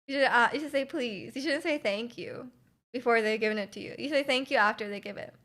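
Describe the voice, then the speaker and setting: A woman's voice: fairly high pitch, a little fast, fairly bright tone. A woman streamer chatting casually with her livestream chat, giggling often and reacting to messages.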